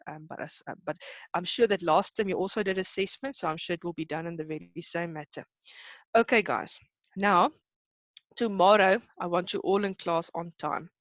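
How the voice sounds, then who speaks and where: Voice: medium pitch, normal speed, a bit bright, dry recording, dull audio. A teacher giving a live online lesson, talking in a hesitant, reassuring way with many fillers.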